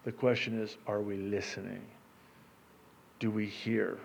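A man preaching a sermon as pastor, swinging from loud declaiming to a hushed, near-whispered delivery. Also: on the low side, level tone, gravelly, slight background noise. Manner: slow, emphatic delivery.

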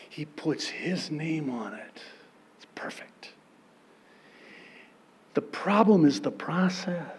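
Guy preaching, super lively voice that jumps all over, slow and drawn out, acts stuff out. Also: fairly high pitch, gravelly, husky. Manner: theatrical, acts out scenes with bursts of shouting and laughter. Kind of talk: sermon.

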